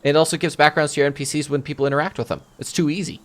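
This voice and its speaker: A man's voice: a little high, steady tone, racing, fairly bright tone. A man answering viewer questions as a game master in casual chat. He thinks aloud, restarts his sentences, and explains with examples from his own campaign.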